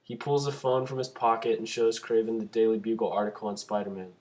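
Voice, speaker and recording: A young man co-hosting a casual podcast, reading his own fan script aloud and breaking into animated asides. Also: on the low side, fast talker, hardly any pauses. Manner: animated, bursts into laughing shouts.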